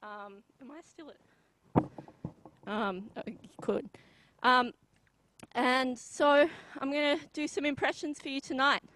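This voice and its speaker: A young Australian woman performing a live comedy bit, deadpan and halting, with many pauses and ums. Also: high-pitched, a little hiss or hum, rough recording.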